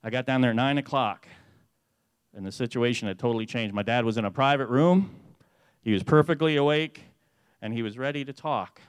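A man giving an earnest testimony to a church, telling the story in a way that grows animated. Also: medium pitch, a little fast, smooth, no echo. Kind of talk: testimony sermon.

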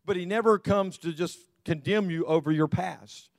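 A man's voice: high voice, normal speed, vocal fry, dry recording. A pastor preaching a sermon, telling folksy stories and often repeating words as he restarts. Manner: repetitive restarts, folksy storytelling.

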